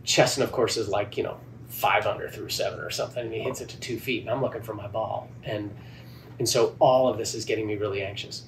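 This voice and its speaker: A man, a golf club head pro, telling a lively story in a podcast interview and acting out the dialogue. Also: on the low side, fast, gravelly. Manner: animated, acts out quoted dialogue. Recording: distant mic with faint background noise.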